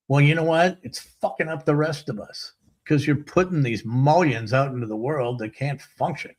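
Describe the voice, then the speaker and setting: A man's voice: fairly high pitch, normal speed. Blunt, ranting middle-aged man. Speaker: show host. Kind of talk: casual monologue.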